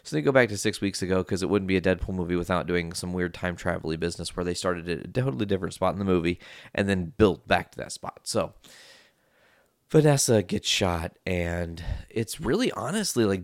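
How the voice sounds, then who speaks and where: A man's voice: deep voice, vocal fry, no room sound, clean studio sound. A man casually recapping a movie plot in a rambling way, with lots of fillers and frequent swearing. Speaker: movie reviewer.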